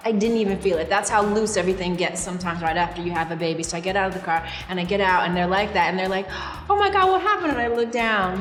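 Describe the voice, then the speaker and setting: A woman's voice: on the low side, fairly even intonation, rapid-fire, few pauses. A woman actress in a casual interview, telling stories animatedly and laughing often. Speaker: film actress guest. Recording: roomy hall reverb, faint music.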